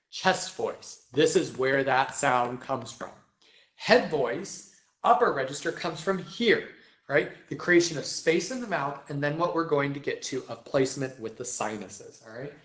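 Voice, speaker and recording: A man's voice: on the high side, animated, measured pace. A young man teaching vocal technique to a choir, explaining step by step and often checking in with "right?". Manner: sings vocal demonstrations. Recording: roomy echo.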